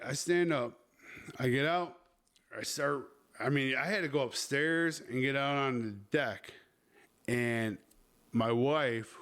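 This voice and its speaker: A man's voice: mid-range voice, fairly bright tone. Man, podcast host, crude rambling storyteller, swears constantly.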